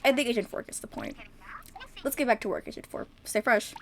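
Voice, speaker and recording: A woman voicing a cool young female squid agent in a dry, low-key way while reading game dialogue aloud. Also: brisk, a little hiss or hum, lightly acted. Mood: brisk.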